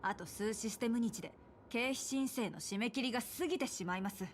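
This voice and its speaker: A woman's voice: a little high, very fast, slight background noise, lightly acted. A female voice actor playing a strict office supervisor who hurries along a new hire, curt and businesslike, in a game. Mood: brisk. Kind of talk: Japanese game voice acting.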